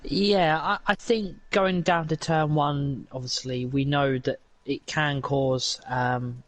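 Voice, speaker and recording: A man's voice: fairly high pitch, fairly even intonation, slow pace, no room sound, poor audio. A man co-commentating on an esports race, rambling through his analysis with many fillers; his stream audio sounds robotic.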